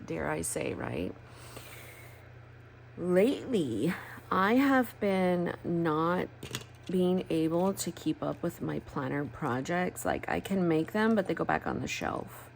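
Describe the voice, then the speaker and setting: A woman's voice: lowish voice, vocal fry, slight background noise. A woman, chatting candidly while crafting, rambling and swearing freely. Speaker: planner crafting vlogger. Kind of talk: casual chat while crafting.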